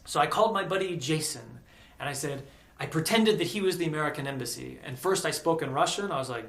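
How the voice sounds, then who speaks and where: A man telling a personal story in a casual, animated vlog, peppered with "like". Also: a little high, fast, creaky, echoey room. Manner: animated, chatty, lots of "like".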